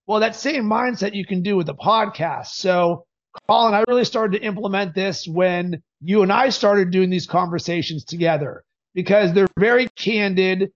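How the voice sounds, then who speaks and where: A man hosting a podcast, coaching in an energetic, emphatic way. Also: high voice, normal speed, muffled recording.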